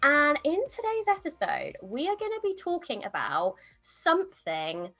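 A woman hosting a podcast, upbeat and chatty, talking quickly and enthusiastically in a casual conversation. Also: high-pitched, huge pitch swings, fairly bright tone, soft background music. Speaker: podcast host. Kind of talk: casual chat.

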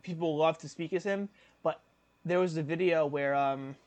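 A young man's slightly high, a little mellow voice carries fairly even intonation as he co-hosts a podcast with no echo. His casual chat rambles with fillers, "like," and restarts, broken up by quick voice impressions.

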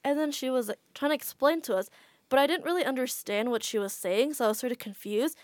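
A woman's voice: high voice, fast talker, dry recording, studio quality. A woman guest on a podcast, telling a travel story in a chatty way with a lot of "like" fillers. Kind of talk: casual storytelling.

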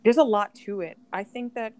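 A woman's voice: a little high, moderate pace, darkish tone. A woman around forty, a podcast co-host in casual chat, telling stories and acting out other people's lines. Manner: chatty storyteller, acts out quotes.

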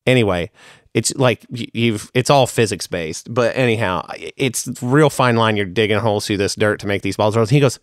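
A man's voice: on the low side, moderate pace, no room sound, clean studio sound. A man co-hosting a podcast, telling rambling, joking stories in casual chat. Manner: rambling, laughing anecdotes about his kids. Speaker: podcast co-host.

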